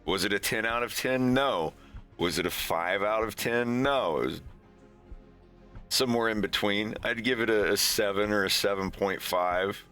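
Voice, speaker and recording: A man's voice: lowish voice, normal speed, sharp tone, smooth, soft background music. A man streaming, chatting casually in a rambling, sarcastic way and laughing often.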